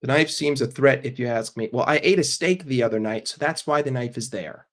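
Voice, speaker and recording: A man hosting a live stream who answers his chat casually, speaking bluntly, swearing often and joking. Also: mid-range voice. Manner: blunt and profane, answers chat with quick jokes. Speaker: livestream host.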